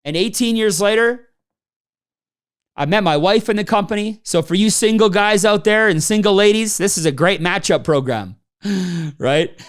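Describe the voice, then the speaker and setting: A man's voice: high voice, moderate pace, clear, resonant tone. A man giving a motivational business talk to a live audience, telling personal stories and acting out the people in them. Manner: storytelling, acts out quoted people. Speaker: business trainer.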